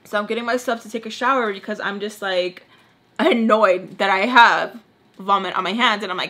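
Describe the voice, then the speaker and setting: A young woman telling a storytime tale in casual chat, animated and exasperated, filling her talk with "like". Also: medium pitch, normal speed. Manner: animated, exasperated, heavy use of "like". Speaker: vlogger.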